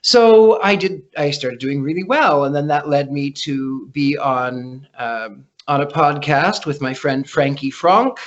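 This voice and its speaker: A man being interviewed as a psychic guest, telling stories in an animated way and often repeating his first words. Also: on the high side, unhurried, hardly any pauses. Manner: animated, repeats words when starting sentences. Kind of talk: casual storytelling interview. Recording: dull lo-fi podcast audio.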